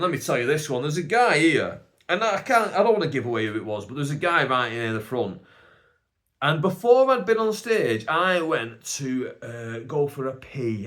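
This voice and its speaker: A man, a stand-up comedian, telling anecdotes on his own podcast in a casual, animated way, acting out the people in his stories. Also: medium pitch. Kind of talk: casual storytelling monologue.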